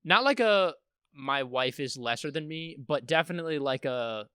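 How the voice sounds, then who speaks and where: A young man tells a rambling story on a podcast, full of ums and quick laughs. His voice is bright and crisp, recorded close and dry with no room echo. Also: fairly high pitch, lively intonation. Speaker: podcast co-host. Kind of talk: casual chat.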